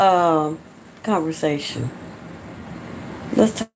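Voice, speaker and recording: A woman's voice: on the low side, measured pace, long pauses, darkish tone, a little hiss or hum. A woman from Atlanta with a Southern American accent, chatting casually and rambling to her viewers on a phone livestream from home. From Atlanta, Georgia, USA. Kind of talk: casual live-stream chat.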